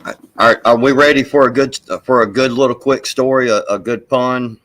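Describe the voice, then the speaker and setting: A man on a casual stream telling chat a funny story, animated and profane. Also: mid-range voice, normal speed. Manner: animated, profane yarn-spinning. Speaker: stream co-host.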